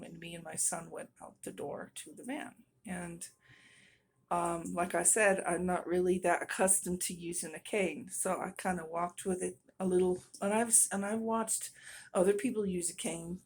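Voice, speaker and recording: A woman's voice: lowish voice, slightly rough. A middle-aged woman telling a story in a casual vlog, exasperated and venting, breaking into nervous laughs. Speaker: vlogger.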